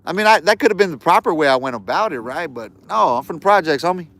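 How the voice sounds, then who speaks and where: A man's voice: on the high side, expressive, fast, a bit bright. A man ranting on a live stream in casual street slang, heated and repeating himself.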